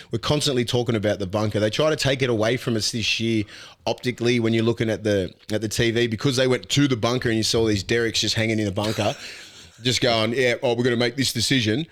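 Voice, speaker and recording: A man with an Australian accent, a podcast host and former rugby league player, talking sport in a blunt, animated way and swearing freely. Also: on the low side. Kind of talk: casual sports chat.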